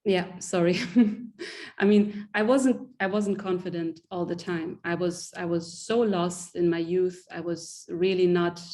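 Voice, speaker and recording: Earnest woman with a mellow voice. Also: on the low side, steady tone, measured pace. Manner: earnest, restarts sentences often. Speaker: guest. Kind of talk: reflective interview talk.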